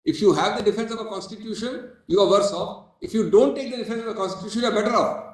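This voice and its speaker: A man with an Indian English accent, a senior advocate making a formal, emphatic legal argument in court, often pausing on "well, as". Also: high voice. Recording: echoey courtroom audio.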